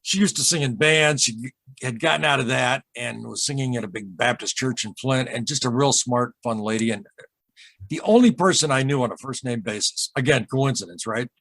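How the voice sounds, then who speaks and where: This husky Michigan man has a mid-range, fairly bright voice, recorded with no room sound. Recounting his UFO encounter in a casual interview, he tells it emotionally but ramblingly, halting often, restarting, and wandering into asides.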